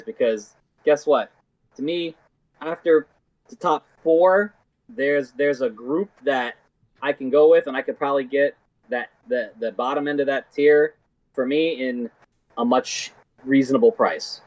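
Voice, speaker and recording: A man as a guest on a casual sports podcast, speaking haltingly with frequent pauses and fillers. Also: mid-range voice, dry recording, highs cut off. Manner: hesitant, halting, with many fillers and restarts. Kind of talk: casual fantasy football chat.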